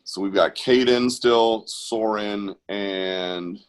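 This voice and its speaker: Deep-voiced upbeat male class host. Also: slow, clean tone. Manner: upbeat, chatty and encouraging. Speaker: host of an online art class. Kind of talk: casual live-stream instruction. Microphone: video call.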